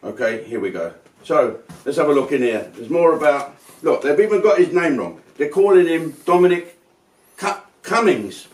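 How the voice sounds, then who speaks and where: Sweary man ranting, lively pitch. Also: normal speed. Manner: sweary, mock-outraged, rambling. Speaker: host. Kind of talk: comic rambling monologue. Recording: roomy sound from a distance.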